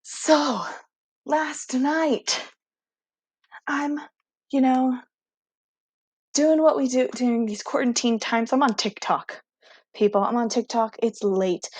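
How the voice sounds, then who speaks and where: A young woman teacher telling her students a casual, animated story, excitable and full of "like". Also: mid-range voice, no room sound.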